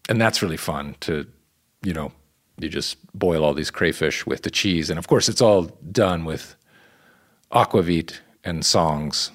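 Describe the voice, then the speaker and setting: A man's voice: sits low, a little slow. A man talking as a guest in a casual chat, telling stories in a chatty way with playful bursts of energy.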